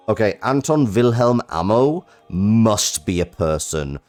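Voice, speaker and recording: A man's voice: on the low side, expressive, measured pace, hardly any pauses, a little mellow, soft background music. A man streaming a card game, chatting casually and rambling in a self-deprecating way.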